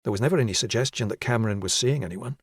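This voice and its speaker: A man's voice: mid-range voice, rapid-fire, breathy edge, no room sound, clean studio sound, natural voice. A man voicing a nervous woman psychiatrist in her late forties in an audiobook, speaking hesitantly and carefully.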